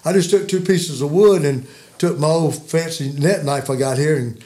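Speaking at normal speed in a warm, slightly high voice, a guest in his sixties rambles through folksy hunting tales with chuckles, a true yarn-spinner.

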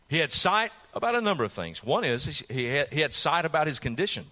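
A man's voice: on the high side, sing-song, a little fast, hardly any pauses, sharp tone. A male pastor preaching a sermon, retelling a story dramatically and putting rhetorical questions to his listeners.

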